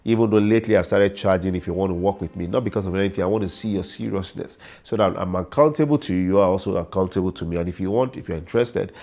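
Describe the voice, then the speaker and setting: Man, middle-aged, gravelly voice, lowish pitch, informal advice monologue, repetitive and preachy. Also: fast, hardly any pauses, a little mellow. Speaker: MC and comedian giving career advice.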